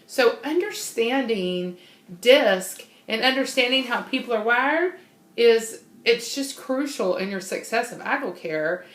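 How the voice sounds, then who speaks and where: A woman's voice: on the high side, expressive, a little slow, a bit bright, echoey room. A woman giving an informal, bubbly personality-type training talk, laughing often and unable to sit still.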